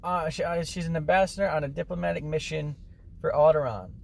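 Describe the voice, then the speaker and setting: A man's voice: fairly high pitch, steady tone, vocal fry, darkish tone. A young man co-hosting a comedy podcast, bantering goofily and cracking jokes. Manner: goofy, mock-ad voice, quick banter. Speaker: podcast co-host. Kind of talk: casual comedic chat. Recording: faint background noise.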